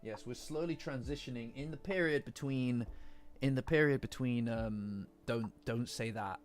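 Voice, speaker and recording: At normal speed and in a mid-range voice, a man with a lingering cough chats casually with his live-stream audience, rambling and occasionally swearing. He's in a cold room at home, with faint lo-fi music in the background.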